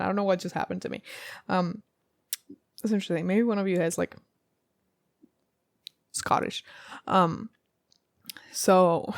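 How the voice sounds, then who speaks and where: A woman's voice: medium pitch, creaky, no echo, clean studio sound. A woman giving a casual tarot reading to camera, rambling and thinking aloud with many fillers. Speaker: tarot reader.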